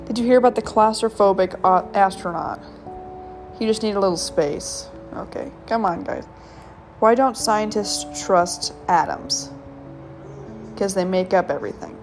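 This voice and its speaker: A woman's voice: medium pitch, unhurried, faint music behind. A woman hosting a casual solo podcast, reading jokes aloud with frequent giggles and stumbling over the punchlines. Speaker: podcast host.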